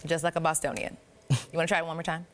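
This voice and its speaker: A woman's voice: low-pitched, level tone, racing. A young woman co-anchoring a student newscast, playful and laughing as she teases her co-host. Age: young adult. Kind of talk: casual newscast banter.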